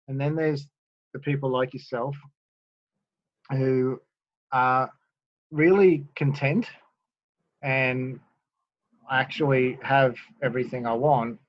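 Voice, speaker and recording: A man's voice: medium pitch, steady tone, slow pace, long pauses, no room sound, dull audio. A man hosting a casual interview, friendly and affirming, calling his guest "mate". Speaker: host.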